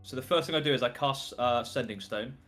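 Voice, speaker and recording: A man's voice: medium pitch, a little fast, music in the background. A young man playing a character in a tabletop game, playful and scheming with the other players. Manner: playful, scheming, lively delivery. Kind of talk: casual tabletop role-play.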